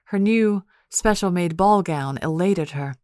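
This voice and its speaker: Lady reading audiobook, steady measured, low-ish pitch. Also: no echo, clean studio sound. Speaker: audiobook narrator. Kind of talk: scripted audiobook narration.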